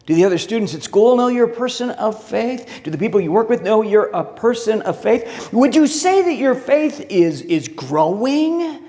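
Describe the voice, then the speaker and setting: Male pastor, lively high voice, storytelling sermon in a reverberant hall. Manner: storytelling, asks the congregation questions.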